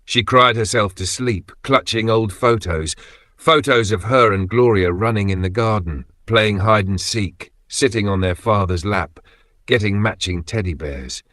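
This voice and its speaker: A man narrating a scripted dramatic story in short, measured phrases. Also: lowish voice, a bit bright, dry recording, clean studio sound.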